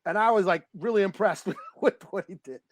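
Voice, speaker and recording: A man co-hosting a podcast, chatting casually about a movie, rambling, excitable and swearing freely. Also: sits high, a little fast, dry recording, clean studio sound. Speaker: podcast co-host. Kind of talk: casual movie review chat.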